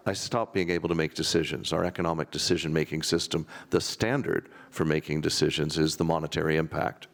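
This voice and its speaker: A man's voice: rumbling low, flat delivery, fairly quick, gravelly, few pauses. A man speaking on a conference panel, rambling and wry with dry self-deprecating jokes.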